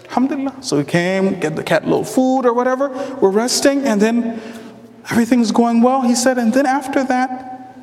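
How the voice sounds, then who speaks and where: A man preaching a sermon to brothers and sisters, telling a story with animated quoted voices. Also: sits high, fairly quick, long reverb tail.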